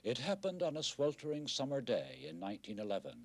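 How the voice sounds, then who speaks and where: A man's voice: mid-range voice, wildly swooping pitch, fairly quick, no echo. Wry man narrating a news report. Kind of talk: scripted documentary narration.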